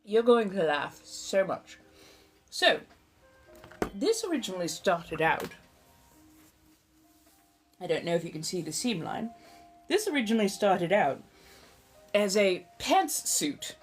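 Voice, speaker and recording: A woman's voice: medium pitch, very animated, slow, long pauses, soft background music. A woman in her forties hosting a livestream in a put-on old-fashioned American accent, theatrical, flowery and chatty, calling viewers darling. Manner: talkative chatterbox. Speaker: livestream host.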